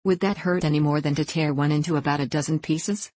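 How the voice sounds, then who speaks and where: A woman voicing an old, hungry male tiger in a storybook, drowsy and gruff. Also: low-pitched, fairly even intonation, fast talker, a little mellow, no room sound. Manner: drowsy, gruff growling talk.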